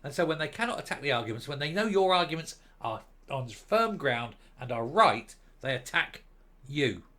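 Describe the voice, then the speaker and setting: A man's voice: a little high, big pitch swings, normal speed, bright, forceful tone. A man giving opinionated, sarcastic commentary on a news article in a ranting manner. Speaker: commentary vlogger.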